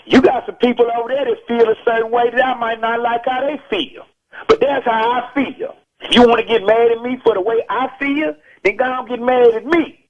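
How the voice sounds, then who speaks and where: A man's voice: very high voice, fairly even intonation, brisk. A man from Texas, calling in to a radio show as a guest and preaching his point emphatically and repetitively. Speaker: rapper interviewed as phone-in guest. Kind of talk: heated radio call-in interview. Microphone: telephone. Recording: dull phone line from an old radio broadcast.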